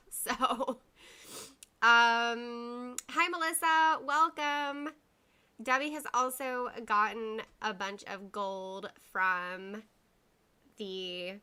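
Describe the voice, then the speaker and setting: A woman's voice: a little high, pushed and bright, clean tone. A woman hosting a casual livestream, rambling chattily and greeting viewers by name. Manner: uses y'all and like often. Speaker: livestream host.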